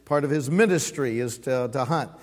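A man's voice: mid-range voice, normal speed, long reverb tail. A man in his sixties preaching a sermon, folksy and humorous, with call-and-response. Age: 60s. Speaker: pastor. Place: church sanctuary.

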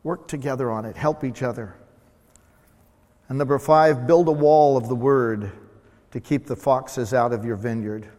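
A man's voice: medium pitch, moderate pace, a little mellow. A male pastor delivering a sermon, driving his points home by repeating short phrases. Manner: emphatic, repeats key phrases. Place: church sanctuary. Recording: long reverb of a church hall.

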